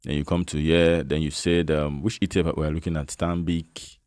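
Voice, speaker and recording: Very deep-voiced Nigerian man explaining. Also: flat delivery, brisk, darkish tone, clear, resonant tone, dry recording, clean studio sound. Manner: chatty, repeats "you understand?", coaxing. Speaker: investment channel host. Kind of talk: casual screen-share finance tutorial.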